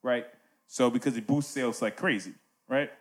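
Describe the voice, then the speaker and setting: A man's voice: medium pitch, normal speed. A man hosting a casual music podcast, talking animatedly and checking in with "right?" asides.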